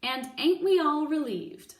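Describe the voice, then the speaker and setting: A woman shouting as a bossy kitchen cook. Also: sits high, big pitch swings, measured pace, voice pushed up. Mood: scolding. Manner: shouting, harsh and impatient. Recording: echoey room, mic at a distance.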